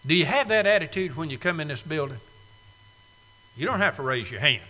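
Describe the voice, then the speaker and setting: A man's voice: fairly high pitch, animated, a little fast, bright, forceful tone, long reverb tail. A man preaching a sermon to a live congregation, emphatic and fond of repeating key phrases. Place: church sanctuary, live congregation.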